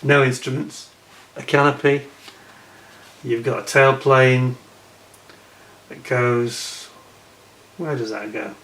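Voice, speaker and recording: A man's voice: medium pitch, fairly even intonation, slow, pauses often, a bit bright. A man casually reviewing a model kit as he unboxes it, chatting and muttering asides to himself. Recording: echoey room with faint noise.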